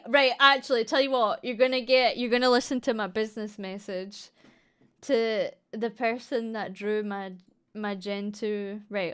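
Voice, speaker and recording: A woman's voice: a little high, fairly bright tone, clean tone. A young woman with a Scottish accent chatting casually on a livestream, playful and giggly, swearing freely. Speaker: streamer.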